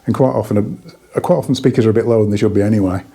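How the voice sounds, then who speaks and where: Chatty hi-fi dealer, husky and mellow, breathless, rambling. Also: male voice, lowish voice, very fast. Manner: rambling, chatty, many restarts. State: slightly out of breath. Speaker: hi-fi dealer reviewing products. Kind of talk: casual product review.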